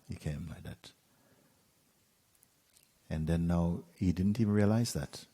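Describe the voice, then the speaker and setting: Deep husky male spiritual teacher. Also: long reverb tail. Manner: unhurried, with soft asides and light laughs. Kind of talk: storytelling talk.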